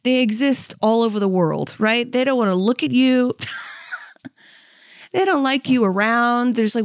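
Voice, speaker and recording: A woman in her thirties riffs through a comedic podcast monologue, candid and self-mocking, peppering it with "like" and "you know what I mean." Her voice sits a little high for a woman. It is recorded dry and close, with no room sound. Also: a little slow, no room sound. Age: 30s. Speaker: podcast host.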